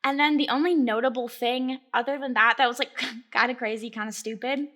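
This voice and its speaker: A young woman co-hosting a podcast, telling a wild story in a casual, animated way, laughing often and swearing freely. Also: fairly high pitch, fairly quick. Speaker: podcast co-host.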